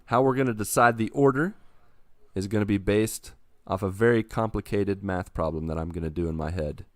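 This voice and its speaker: A low-pitched man hosts a casual podcast chat, upbeat and joking as he reads out listener numbers and steers the talk. His voice is close and dry, with no room around it. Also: a little fast, dry recording. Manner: jokey, upbeat, runs the segment. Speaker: podcast host.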